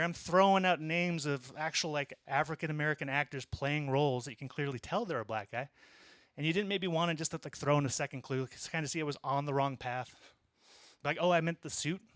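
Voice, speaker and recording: Bright-voiced man doing stand-up. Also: fairly high pitch, dry recording, studio quality. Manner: conversational storytelling, deadpan asides. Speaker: stand-up comedian. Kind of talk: stand-up set. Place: small comedy club.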